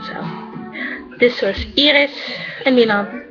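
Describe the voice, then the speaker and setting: A woman's voice: on the high side, takes it slowly, dull audio, over music. A woman from the Netherlands with a Dutch accent, chatting casually and rambling with lots of fillers as she answers viewer questions. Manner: chatty and rambling, many "you know" fillers. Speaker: vlogger answering questions about her character. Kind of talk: casual chat.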